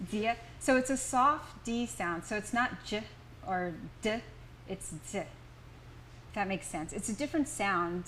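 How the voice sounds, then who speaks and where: A woman's voice: mid-range voice, fairly bright tone, slight background noise, poor audio. A woman with an American accent teaching a small language workshop, patiently explaining sounds step by step. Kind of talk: teaching a class. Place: indoor workshop room.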